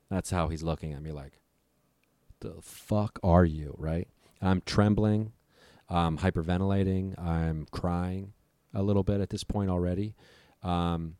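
A young man with a low, deep voice recounts a scary night in casual conversation. He talks vividly and profanely, slipping into the voices of the people in the story. The recording is close and dry. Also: a little mellow, no echo. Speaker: storyteller guest.

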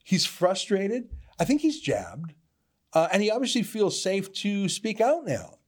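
Male commentator, animated delivery, slightly higher voice, sarcastic emphasis. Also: a little slow. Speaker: political commentator. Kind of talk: opinion commentary.

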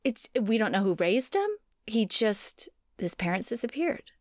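A woman's voice: mid-range voice, unhurried, no room sound. A woman in casual conversation, walking a friend through a long story with asides and laughter. Her voice sits mid-range, recorded close and dry with no room sound. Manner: storytelling, laughing, lively digressions. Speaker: podcast co-host telling a sumo history. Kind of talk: casual chat.

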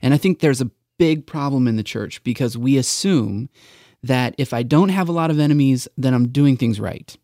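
A man's voice: mid-range voice, normal speed, mellow, no echo, clean studio sound. A man co-hosting a church podcast, chatting casually and teasing his co-host with jokes. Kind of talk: casual chat.

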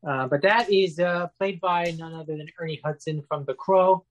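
A man chatting casually as a podcast guest, animated and profane as he riffs on movies. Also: on the high side, normal speed, highs cut off.

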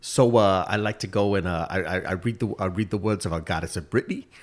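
A man with a very deep voice chats loosely on a podcast. He rambles and trips over his words as he goes. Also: fast. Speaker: podcast co-host. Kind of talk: casual chat.

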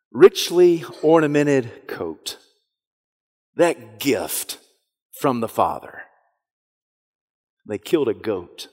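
A male pastor preaching a sermon, retelling a story dramatically, dropping to a hush and then rising loud. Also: mid-range voice. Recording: long hall reverb.

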